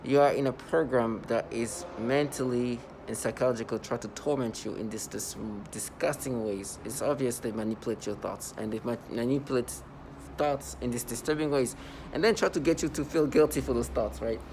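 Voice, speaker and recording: A man talking straight to his viewers in a loose, rambling monologue, his voice pitched squarely in the middle range. He circles back on his points with plenty of ums and restarts, earnest and worked up, while a faint hum of noise sits behind him. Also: steady tone, moderate pace. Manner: rambling and repetitive, with many fillers and restarts; earnest and agitated. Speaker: vlogger. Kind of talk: unscripted monologue to camera.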